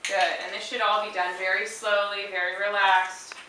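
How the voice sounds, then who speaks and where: A woman dog trainer calmly explaining a handling exercise and stopping often to praise the dog in a high, chirpy voice. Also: normal speed. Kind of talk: instructional demonstration. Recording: very echoey room, mic far off, faint hiss.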